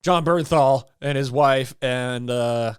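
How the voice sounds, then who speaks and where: A man's voice: medium pitch, takes it slowly, smooth, no echo, clean studio sound. A young adult man co-hosting a film review podcast, chatting casually and joking as he recaps the plot. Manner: joking, laughing, mimics characters. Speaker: podcast co-host.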